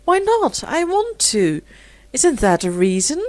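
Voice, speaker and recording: Eager, gushing society lady, read by a female narrator; high and lively, dry close sound. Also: unhurried, no echo. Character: rich, impulsive young society lady.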